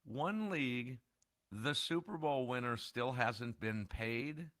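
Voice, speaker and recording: A man's voice: mid-range voice, lively intonation, takes it slowly, fairly bright tone, no room sound, clean studio sound. A man co-hosting a sports radio show in casual talk, ranting and firing off rhetorical questions.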